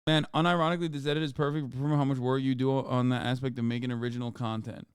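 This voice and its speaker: Ranting streamer man, smooth dry voice. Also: medium pitch, fairly even intonation, racing, dry recording. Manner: exasperated, ranting, swears a lot. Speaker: streamer reacting to a video. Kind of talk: casual livestream reaction.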